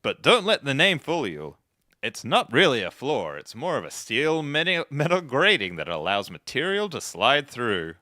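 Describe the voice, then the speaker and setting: A man's voice: mid-range voice, wildly swooping pitch, moderate pace, sharp tone, no echo, studio quality, pitched above the performer's own voice. A man putting on the voice of a pompous, old-fashioned male announcer with a transatlantic lilt and grand, showy delivery. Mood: grandiose.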